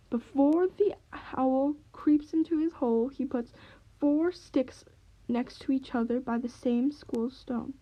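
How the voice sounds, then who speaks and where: Slow, gentle woman reading a bedtime story. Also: sits high, muffled recording. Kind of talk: children's story read-aloud.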